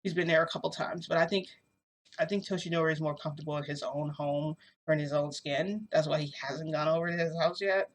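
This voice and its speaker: A woman telling a long story to her camera in a rambling, animated way, with lots of fillers, filmed indoors at home. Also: low-pitched, fairly quick. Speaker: vlogger. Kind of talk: casual storytelling vlog. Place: indoors at home under a bright light.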